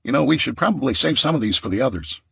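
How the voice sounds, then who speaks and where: A man's voice: mid-range voice, expressive, fast, vocal fry, a bit bright, breathy edge, no room sound, studio quality, voice pushed up, heavily acted. A man voicing a cautious, wary male scavenger who keeps asking questions in an audiobook.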